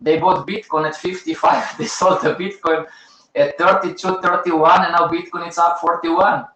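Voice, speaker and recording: A man's voice: fairly high pitch, fairly even intonation, normal speed, sharp tone, reverberant, poor audio. A man with as a hosting a live teaching session, talking to his audience in short, emphatic, repeated phrases and chiding them. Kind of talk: casual live-stream teaching.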